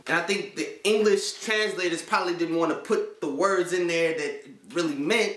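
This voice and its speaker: A man's voice: high-pitched, moderate pace, few pauses, a bit bright. A man hosting a Christian video channel, talking casually to his viewers in slang and often checking in with "right?". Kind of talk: casual talk to camera. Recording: echoey room.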